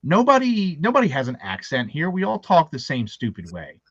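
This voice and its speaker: A man's voice: fairly high pitch, huge pitch swings, moderate pace, fairly bright tone, breathy edge, no room sound. Male host from Baltimore, faint local accent, rambling storyteller, dry and dull lo-fi sound. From Baltimore, USA. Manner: rambling, anecdotal, laughing often. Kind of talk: casual chat.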